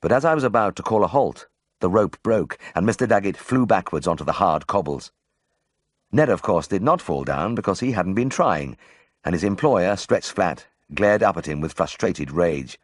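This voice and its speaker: A man's voice: low-pitched, animated, normal speed, no echo, studio quality. A man narrating a memoir audiobook in the first person, telling the story expressively.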